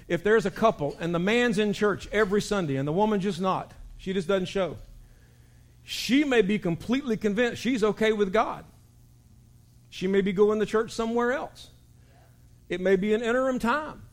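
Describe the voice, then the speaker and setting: A man preaches a sermon, spinning lively stories. His voice sits high, and he jumps into other people's voices, sometimes with sudden shouts. The delivery is animated and conversational. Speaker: pastor.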